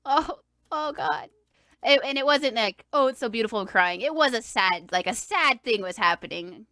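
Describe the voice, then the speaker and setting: A woman's voice: a little high, a little fast, dry recording. Rambling young woman in casual chat, dry sound. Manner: rambling, many fillers and restarts; animated when quoting people. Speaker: podcast co-host.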